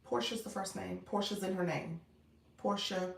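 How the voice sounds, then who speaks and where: A woman with a medium-pitched, steady voice and vocal fry talks at normal speed on her coaching livestream. She greets viewers and reads their comments in a casual, upbeat way, laughing often and calling them "friend." The audio is echoey, with her voice somewhat distant from the mic.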